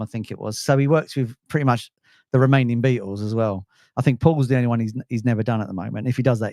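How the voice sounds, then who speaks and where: A man's voice: mid-range voice, mellow, dry recording, studio quality. A man co-hosting a casual music chat show, rambling and chatty, with lots of fillers and restarts. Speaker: co-host.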